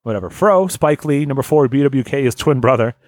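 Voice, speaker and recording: A man's voice: medium pitch, expressive, fairly quick, no echo. A man hosting a casual podcast, reading listener lists aloud, joking and laughing often. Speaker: podcast host.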